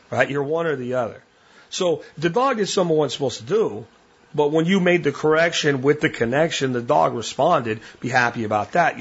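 A man's voice: mid-range voice, slightly rough, dull audio. A man hosting a podcast, talking bluntly and plainly in a casual monologue. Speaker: podcast host.

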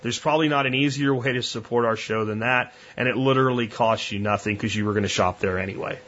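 A man's voice: mid-range voice, fast, a bit bright, highs cut off. A man hosting a podcast, talking bluntly and conversationally with frequent restarts. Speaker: podcast host. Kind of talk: casual monologue.

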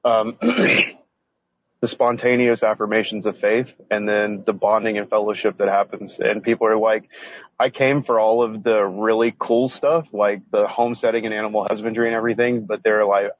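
A man's voice: lowish voice, flat delivery, moderate pace, dry recording, muffled recording. A man who is a guest on a podcast, speaking in an earnest, heartfelt, casual way. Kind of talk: casual interview chat.

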